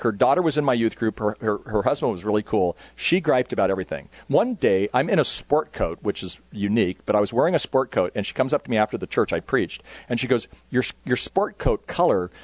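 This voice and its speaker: A middle-aged man tells church anecdotes in a loose, conversational way, correcting himself and tossing in quick asides as he goes. His voice sits in an ordinary middle register. The recording is close and dry, with no room sound. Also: medium pitch, animated, no room sound. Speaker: youth ministry speaker. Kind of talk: conference talk with anecdotes.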